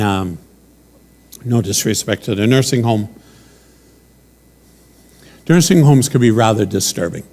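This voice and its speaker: A male pastor preaching a sermon who builds his points through repeated rhetorical questions and drops into quieter personal stories. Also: fairly low pitch, creaky. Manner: slips into quieter personal storytelling with fillers.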